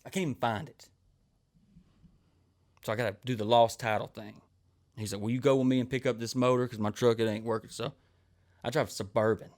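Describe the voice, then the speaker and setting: The speaker is a comedian and podcast host spinning crude, rambling, swear-laden stories and acting out the people in them. His mid-range voice is darkish, a little fast, and fairly even in intonation, broken by long pauses, in a profane monologue.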